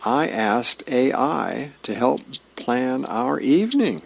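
A man's voice: mid-range voice, sing-song, slow pace, gravelly, slight background noise, full character voice. A man reading a comic strip's cheerful young girlfriend, lifting his voice as she lists what her phone did. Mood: delighted. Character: happy young woman, cartoon girlfriend.

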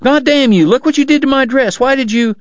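Man putting on a shrill frantic frontier woman. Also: brisk, dry recording, muffled recording. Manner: shrill, pleading.

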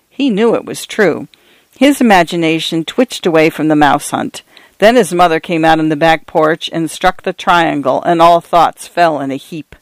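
Male audiobook narrator, measured and steady, slightly higher voice, very dry close recording. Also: no room sound. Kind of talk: scripted narration.

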